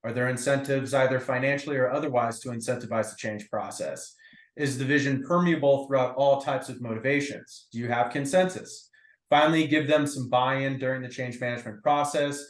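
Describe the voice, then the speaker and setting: A man's voice: mid-range voice, steady tone, fairly quick. Man, group facilitator, casual reflective talk, lots of fillers, video call, echoey room.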